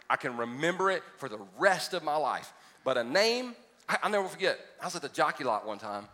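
A man preaching in a large church, his voice bright and a bit high for a man. He talks in a folksy, joking way and then builds to emphatic points, with a long reverb trailing off the room. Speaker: pastor. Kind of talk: sermon with storytelling.

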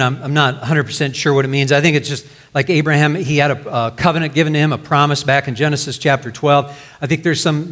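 A man giving a sermon, working through a passage of scripture line by line. His voice sits a little high for a man. He reads the verses aloud and then explains them plainly. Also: a bit bright. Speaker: pastor.

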